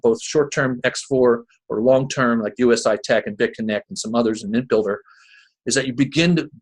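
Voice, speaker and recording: A man's voice: medium pitch, husky. A man from New Jersey with a Jersey accent, hosting a call in a folksy, rambling way full of restarts and asides. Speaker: host of a crypto marketing call. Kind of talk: casual rambling pitch.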